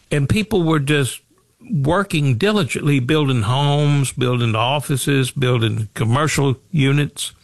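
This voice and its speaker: Folksy guy hosting a money talk show, asks questions then answers them, dry voice, middle pitch. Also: dry recording. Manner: folksy, repeats phrases, asks rhetorical questions. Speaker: financial talk show host. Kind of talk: radio talk show monologue.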